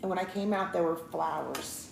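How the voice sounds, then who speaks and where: A woman, co-hosting a couples show and telling a story to viewers in a casual, animated way, acting out each line of dialogue. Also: fairly low pitch, moderate pace, creaky. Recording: roomy, with faint background noise.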